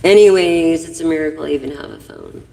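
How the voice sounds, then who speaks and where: A woman's voice: sits low, a little fast, gravelly, mellow, long reverb tail, low-quality recording. A woman doing a casual tarot reading for her viewers, giving blunt, profane, rambling advice. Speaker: intuitive tarot reader.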